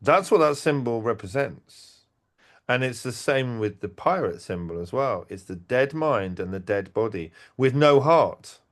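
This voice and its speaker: A man telling stories in casual talk, animated, acting out quotes and restarting his sentences. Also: mid-range voice, measured pace. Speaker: event organizer and podcast guest. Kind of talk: casual conversational storytelling.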